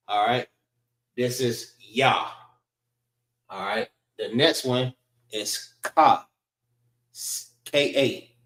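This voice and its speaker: Male class instructor, slow and deliberate, drilling letter sounds; echoey classroom. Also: medium pitch, a bit bright. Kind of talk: teaching a Hebrew alphabet class.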